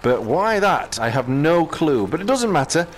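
A British man casually commenting as he plays a VR game, chatting to himself with quick exclamations. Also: a little high, very animated, slight background noise. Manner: chatty, talks to himself while playing, exclamations. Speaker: gaming channel host.

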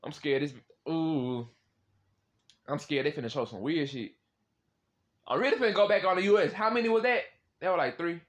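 A young man casually chatting with strangers on a video chat app, swearing and loudly reacting. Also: on the high side, moderate pace, pauses often. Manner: slangy, swears often, loud exclaiming reactions and laughs.

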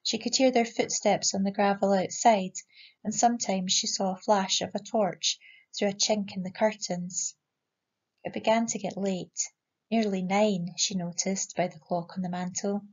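A woman's voice: medium pitch, a little mellow. Woman teacher reading aloud, Scottish accent. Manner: clear, measured classroom reading. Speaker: English teacher. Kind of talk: reading a story aloud in a lesson. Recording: slightly muffled lo-fi sound.

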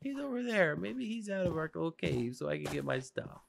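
A gaming video host giving excitable play-by-play commentary, chatting to the game's creatures and swinging between whispers and shouts. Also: medium pitch, a little fast, gravelly, slight background noise. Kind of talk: gameplay commentary.

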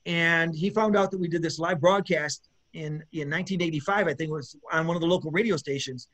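Chatty high-voiced male bassist. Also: a little fast, fairly bright tone. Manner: rambling, gushing, lots of fillers and restarts. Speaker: guest musician, bassist. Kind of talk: casual interview chat.

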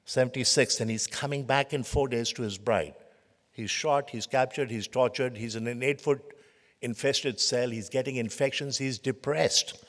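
At a conference hall, a man with a medium-pitched voice talks at a normal speed through a leadership lecture. His storytelling is emphatic, built from short phrases stacked into lists, and the hall's long reverb carries every word.

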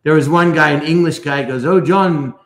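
A man tells a story in a loose, rambling way and keeps breaking off and restarting his sentences. His voice sits a little high for a man. The sound carries a clear echo, as if he is in a bare room. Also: fairly even intonation, brisk, a bit bright. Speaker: guest. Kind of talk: casual storytelling. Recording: echoey room.

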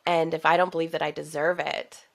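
A woman hosts a coaching podcast in a low, deep voice with a gravelly edge. She reflects out loud in an animated way and laughs often as she talks. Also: fairly quick. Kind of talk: casual interview chat.

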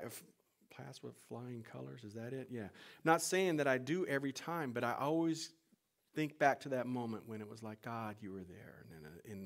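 A middle-aged man preaching a sermon, moving from loud, urgent appeals to hushed, whispered storytelling. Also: medium pitch. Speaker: pastor.

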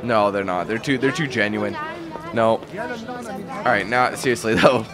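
A man's voice: medium pitch, expressive, measured pace, over music, crowd noise. A man giving casual, joking gameplay commentary, laughing and teasing as he plays. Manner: joking, laughing, trolling banter. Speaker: let's play commentator.

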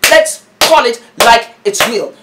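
A woman in her forties giving an impassioned commentary vlog, moving from quiet tenderness to loud, preachy exhortation. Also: fairly high pitch, expressive, slow, heavy background noise. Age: 40s. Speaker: YouTube commentator.

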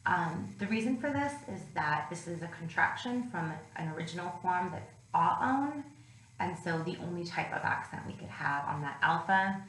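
A woman's voice: on the low side, lively intonation, moderate pace, a bit bright. A woman instructor explaining a grammar lesson in a recorded lecture, with frequent ums and uhs. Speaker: classics instructor. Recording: echoey room with faint noise.

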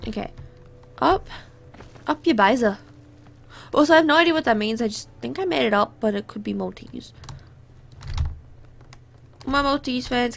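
A young woman gamer gives chatty let's play commentary, bubbly and easily distracted, apologizing often and sounding a little under the weather. Her voice is fairly high, creaky and fairly bright.

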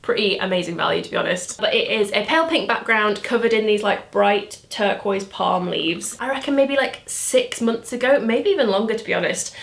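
A woman's voice: mid-range voice, normal speed, creaky, few pauses, a bit bright. A young woman, chatting casually and self-deprecatingly to camera about her shopping haul at home. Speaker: vlogger. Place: indoors at home.

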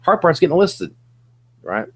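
A man's voice: a little high, a little slow, husky. Hyped-up man giving reselling pep talk. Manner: energetic, hyped coaching with bursts of slang. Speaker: host of a reselling livestream. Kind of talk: casual livestream advice. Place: home office, seated.

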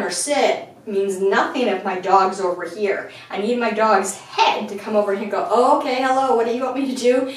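A woman dog trainer explaining steps clearly in an instructional video, filmed indoors at home and breaking into high sing-song praise. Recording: very echoey room, far from the mic.

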